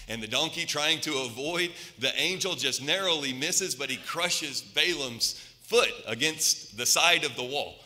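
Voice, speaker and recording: A male preacher delivers a Sunday sermon in a very bright, sharp voice, telling the story and pressing the congregation with rhetorical questions. His speech carries through a church sanctuary with a long reverb. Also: medium pitch.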